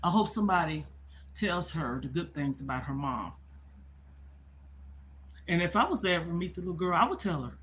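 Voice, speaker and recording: A woman's voice: fairly low pitch, big pitch swings, normal speed, pauses often, a bit bright. An older woman tells a long personal story to her livestream viewers, with emphatic, repetitive phrasing. She talks into a phone in a casual, conversational way. A faint hiss sits under her voice. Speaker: livestream host.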